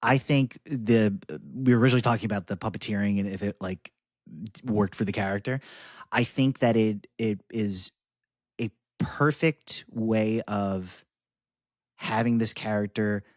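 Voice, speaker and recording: Low-voiced man rambling through a film review. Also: a little slow, no echo, clean studio sound. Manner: rambling, many fillers and restarts. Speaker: podcast co-host. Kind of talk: casual film review chat.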